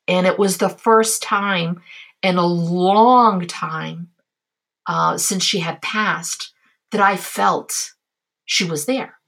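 A woman from the Azores tells family stories as an interview guest, with a bright and clear tone. She talks casually and warmly, sharing heartfelt memories in an animated way. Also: lowish voice, drawn-out words. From Azores, Portugal. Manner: animated, heartfelt, acts out voices in her anecdotes. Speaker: guest, cookbook author.

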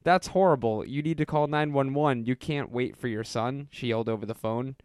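A man's voice: medium pitch, a little mellow, clean tone, no echo. A man reads a wild listener story aloud on a podcast. He jumps between the characters' voices and keeps breaking into laughter. His voice sits in a middle register and sounds dry and close to the mic. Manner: reads dialogue with quick voice shifts, breaks into laughter. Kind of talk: casual reading aloud with chat.

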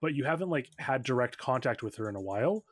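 Quick-talking man running a tabletop game. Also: mid-range voice, lively intonation. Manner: quick, loose, full of ums and likes. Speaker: game master.

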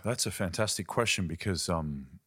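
A man's voice: low voice, expressive, normal speed, a bit bright, slightly rough, no echo, clean studio sound. A man, a ministry leader and podcast guest, teaching earnestly in conversation and telling stories. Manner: earnest, storytelling, uses quoted voices.

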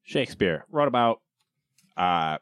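A man's voice: lowish voice, lively intonation, unhurried, a bit bright, clean tone, no room sound. A laid-back man trades jokes in a loose podcast chat and is easily amused. His voice swings up and down with a lot of life. It is recorded close and dry. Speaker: podcast co-host. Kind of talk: casual banter.

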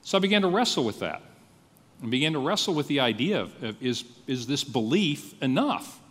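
Lively animated preacher man, echoey hall. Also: medium pitch, brisk. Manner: animated storytelling, acting out his own thoughts. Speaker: pastor. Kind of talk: sermon.

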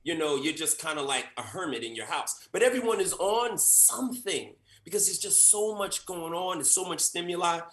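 A male actor recounts an audition with animated delivery. His voice is bright and swings widely in pitch. The sound is roomy and echoey. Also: normal speed, few pauses. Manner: animated, acts out quotes with big voice swings. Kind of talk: animated storytelling.

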